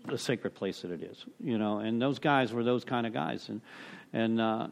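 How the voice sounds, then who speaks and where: A man's voice: mid-range voice, moderate pace, gravelly. Man, middle-aged, recovery meeting speaker, casual storytelling, rambling, salty language. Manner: rambling, full of "you know" and restarts, salty language.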